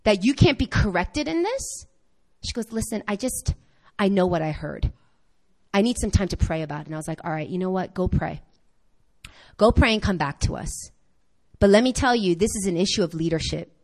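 A woman pastor preaching a sermon, telling a church story with lively acted-out quotes. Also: medium pitch, brisk. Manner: animated storytelling, acts out quoted voices.

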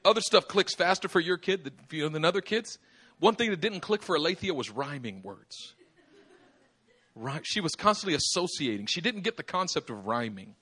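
A male pastor delivers an animated sermon, his high voice swinging widely in pitch. The tone is bright and sharp, with a husky edge. He acts out back-and-forth dialogues, breaking into laughter and shouting. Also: moderate pace. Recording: live church service.

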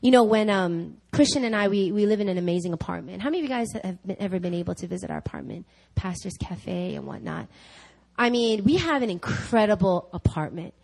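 A woman preaching a conversational sermon, telling a personal story with laughs and lively asides. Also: mid-range voice, a little fast, vocal fry, poor audio. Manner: animated, laughing, chatty with fillers. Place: church service.

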